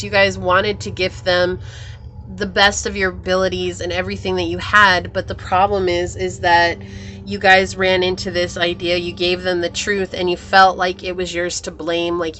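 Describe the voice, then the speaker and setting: A tarot reader gives her viewers a pick-a-card reading, calling them "you guys" in a chatty, upbeat way. Her voice is lowish, bright and forceful, with a little hiss or hum on the recording.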